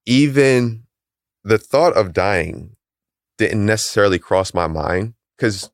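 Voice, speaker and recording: Recounting something personal as an interview guest, a calisthenics league founder speaks calmly and deliberately in a very low voice. He imitates the people he quotes. There's no room echo; the voice comes across close and dry.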